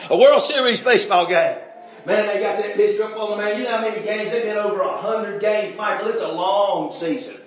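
A man preaching a folksy revival sermon, telling stories and building up to shouts. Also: sits high, a little fast, very echoey, recorded from a distance. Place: church sanctuary.

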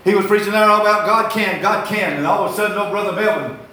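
A man's voice: high voice, quick pace, bright, forceful tone, a little hiss or hum. An older man preaching a sermon, telling folksy, rambling stories and repeating his phrases. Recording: echoey hall.

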